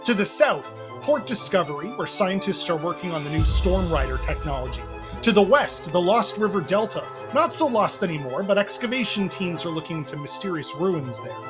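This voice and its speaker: A man's voice: high-pitched, animated, brisk, over music. Man voicing a cheerful park guide, rehearsed tour patter, tabletop game. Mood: welcoming. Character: chipper male park guide giving a tour.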